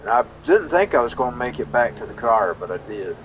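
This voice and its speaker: A man's voice: mid-range voice, sing-song, brisk, fairly bright tone, a little hiss or hum, low-quality recording. A man telling a long personal story in a casual, rambling way while live streaming, often repeating and restarting his words. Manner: rambling, folksy, repeats himself.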